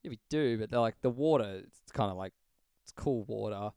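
A man's voice: fairly low pitch, moderate pace, warm tone, smooth, dry recording. A young Australian man co-hosting a podcast, telling a rambling story in casual chat and swearing freely. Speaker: podcast co-host.

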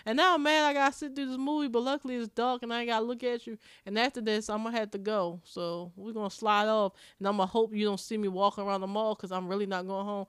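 A woman's voice: medium pitch, fairly even intonation, quick pace, few pauses, smooth, no echo, clean studio sound. A young woman from Maryland co-hosting a podcast, chatting casually and bluntly, telling stories and cursing freely. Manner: blunt, storytelling, curses freely. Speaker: podcast co-host. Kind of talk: casual chat.

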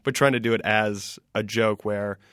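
A man in his thirties, a stand-up comedian guest, telling stories in a casual, animated way. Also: fairly low pitch, smooth, dry recording, studio quality. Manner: animated, quick storytelling with laughs. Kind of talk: casual interview chat.

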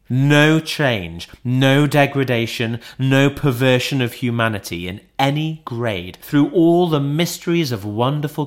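Slow, measured male storybook narrator. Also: mid-range voice. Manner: measured, dramatic reading. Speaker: audiobook narrator. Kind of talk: classic novel narration.

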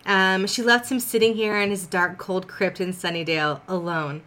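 A woman's voice: on the low side, steady tone, normal speed, a bit bright. A woman casually reading a story aloud on a podcast, breaking off for blunt, swearing asides.

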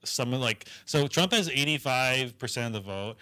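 A man's voice: mid-range voice, lively intonation, normal speed, sharp tone. A man co-hosting a casual comedic chat about politics, rambling and swearing, with many fillers. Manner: rambling, profane, lots of "like" fillers. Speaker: podcast co-host.

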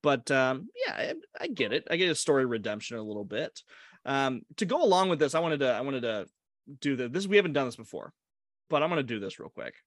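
A man's voice: medium pitch, big pitch swings, quick pace, no echo, clean studio sound. A man co-hosting a casual movie podcast, chatty and hesitant, often restarting his sentences and laughing. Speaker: podcast co-host. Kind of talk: casual movie-discussion chat.

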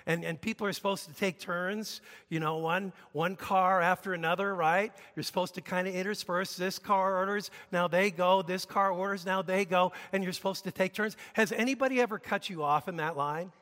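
Male preacher, very high bright voice, storytelling sermon, swells to shouts, long church reverb. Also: steady tone, moderate pace, hardly any pauses. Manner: storytelling, rising to forceful emphatic shouts. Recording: long reverb of a large hall.

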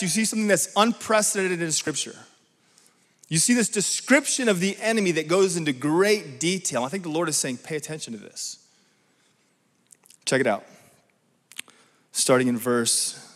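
Emphatic preacher man in a reverberant hall. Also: fairly high pitch. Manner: emphatic, with rhetorical check-ins. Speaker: pastor. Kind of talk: sermon. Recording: long reverb from a large hall.

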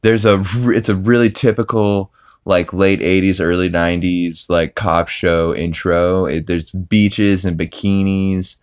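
A man's voice: deep voice, flat delivery, a little slow, clear, resonant tone, no room sound, clean studio sound. A young man hosting a podcast, recapping a cartoon episode in a rambling way full of fillers and restarts. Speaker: podcast host.

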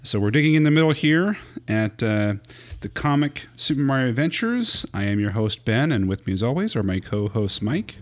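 A man's voice: mid-range voice, big pitch swings, normal speed. A man hosting a retro gaming podcast, introducing the episode and his co-hosts. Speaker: podcast host.

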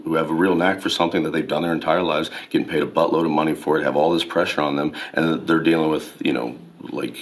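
An American actor answering interview questions in a loose, rambling way, leaning hard on fillers. His voice is extremely deep. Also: steady tone, quick pace, few pauses. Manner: rambling, heavy on fillers like "you know" and "like". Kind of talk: casual interview.

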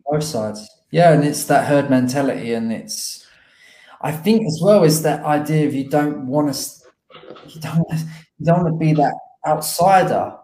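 A man's voice: on the high side, moderate pace, dark tone. A man chatting casually and reflectively, a little self-deprecating, as a podcast co-host. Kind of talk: casual chat. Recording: roomy echo.

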